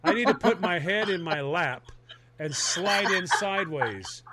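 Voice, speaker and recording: A man telling a comic personal story in casual chat, animated and laughing as he talks. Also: high-pitched, unhurried, very noisy.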